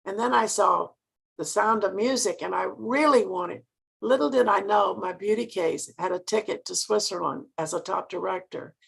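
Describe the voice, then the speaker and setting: A woman's voice: medium pitch, moderate pace, vocal fry, a bit bright, slightly rough. An older woman from Mississippi, giving an earnest motivational sales talk and asking her listeners direct questions.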